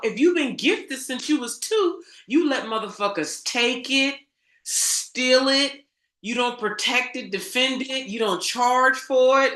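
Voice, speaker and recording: A woman's voice: mid-range voice, bright, forceful tone. A woman coach giving a casual motivational monologue, emphatic and preachy, swearing and calling her viewers girl. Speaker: spiritual coach. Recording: echoey room.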